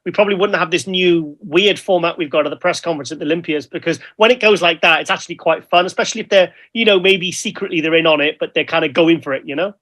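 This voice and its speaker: British guy with a high bright voice, rattling along fast, chatty and rambling. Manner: chatty, rambling, lively storytelling. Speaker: co-host. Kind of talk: casual chat.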